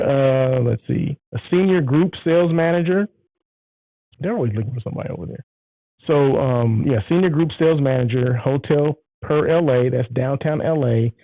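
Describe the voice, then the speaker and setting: Male solo host, rambling and upbeat, gravelly edge, thin phone-like sound. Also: medium pitch, dry recording. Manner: enthusiastic, rambling, repeats himself. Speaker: show host. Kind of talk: casual solo show chat.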